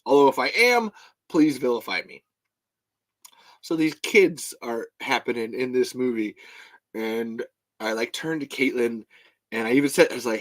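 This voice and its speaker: A man's voice: mid-range voice, animated, moderate pace, long pauses. An American man hosting a podcast in casual chat, rambling with restarts, swearing and laughing often. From United States. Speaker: podcast host.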